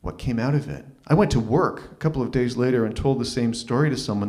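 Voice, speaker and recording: A man's voice: medium pitch, fast talker, hardly any pauses, a little mellow. A man performing a live open mic story, wry and self-deprecating, with stumbling restarts, into a stage microphone. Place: small arts venue stage.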